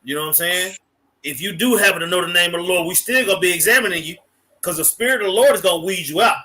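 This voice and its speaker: A man with a high, bright voice teaches in an informal study group. He drives his points home bluntly, with slang and curses. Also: fast talker, low-quality recording. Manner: emphatic and blunt, with slang and profanity. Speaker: Bible class teacher. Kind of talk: emphatic casual teaching.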